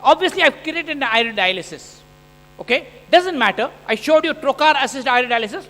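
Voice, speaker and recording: A man with an unusually high, bright voice lectures from a conference stage, animated and joking as he narrates a surgery in the first person. His voice carries a long hall reverb through the stage microphone. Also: fairly quick. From India. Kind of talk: conference lecture over surgical video.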